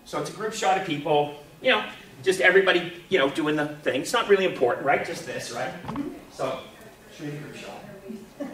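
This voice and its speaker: Male convention host, fairly high voice, animated storyteller, recorded from afar in a roomy hall. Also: fairly quick, slight background noise. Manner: lively storyteller, acts out the people in his story. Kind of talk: animated anecdote to a live audience. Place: convention panel room. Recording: echoey room, voice from far off.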